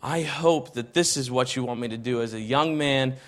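A man's voice: mid-range voice, normal speed. Man telling a story, acting out the dialogue. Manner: acts out quoted dialogue, often dropping softer for quotes; conversational, many fillers and restarts like "I'm like". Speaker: speaker giving a personal testimony. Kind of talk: casual spoken storytelling.

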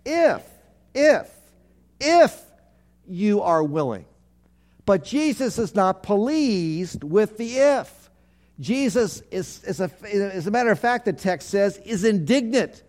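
High-voiced man preaching a sermon. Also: expressive, takes it slowly, darkish tone. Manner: call-and-response preaching, congregation repeats phrases; earnest, repetitive emphatic phrasing. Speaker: pastor.

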